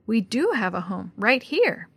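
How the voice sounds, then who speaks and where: A woman voicing a hopeful, gentle young girl in a storybook reading. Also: medium pitch, very animated, unhurried, creaky, breathy edge, no echo, clean studio sound, full character voice.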